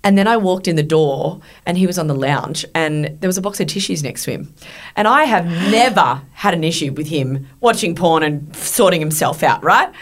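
A middle-aged woman hosts a casual chat, her voice sitting on the lower side. She tells stories in a lively, animated way, swearing freely and laughing often. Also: normal speed. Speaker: podcast host.

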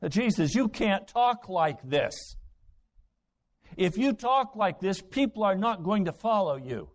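A man's voice: sits high, animated, a little slow. A man preaching who acts out an impulsive fisherman disciple protesting and giving advice. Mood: pleading.

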